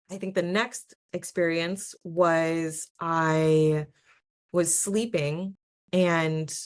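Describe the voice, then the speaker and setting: A young adult woman hosting a podcast, telling her personal stories in a chatty, earnest way, often laughing and restarting her sentences. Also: sits low. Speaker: podcast host. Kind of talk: casual personal storytelling.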